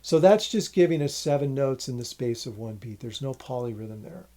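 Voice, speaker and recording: Mellow-voiced man teaching rhythm. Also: medium pitch, lively intonation, normal speed. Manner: counts rhythm syllables aloud, patient explaining. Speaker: music teacher. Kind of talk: instructional music lesson.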